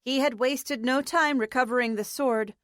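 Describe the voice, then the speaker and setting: A woman reading a post-apocalyptic novel aloud as an audiobook narrator, in a measured, even manner. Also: sits high, dry recording, studio quality. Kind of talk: scripted narration.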